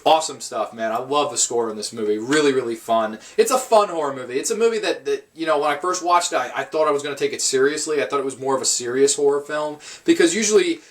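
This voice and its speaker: A man's voice: medium pitch, fast, few pauses. A man giving a casual, rambling film review, swearing often and restarting his sentences. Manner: rambling, profane, frequent restarts.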